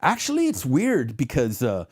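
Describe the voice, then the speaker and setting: A man's voice: mid-range voice, normal speed, slightly rough. A man, a former federal agent, telling casual stories in an interview and acting out the voices in his anecdotes, often laughing at his own jokes. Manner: animated storyteller who acts out the voices in his anecdotes.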